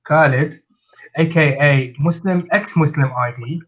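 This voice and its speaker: Stream host: blunt, animated talker, slightly higher voice, muffled online call sound. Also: male voice, measured pace. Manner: blunt, animated storytelling with many restarts. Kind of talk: casual chat on a live stream.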